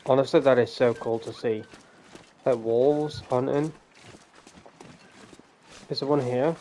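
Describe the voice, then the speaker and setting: A man's voice: mid-range voice, fairly even intonation, slow, mellow, slight background noise. A man hosting casual gameplay commentary, rambling and ranting and swearing freely. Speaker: gaming channel host.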